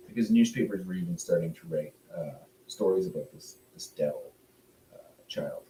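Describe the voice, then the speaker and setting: A man's voice: lowish voice, distant mic. A man co-hosting a casual podcast, teasing and questioning his partner. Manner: lively, teasing, asks questions. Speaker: podcast co-host. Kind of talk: casual chat. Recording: roomy and off-mic.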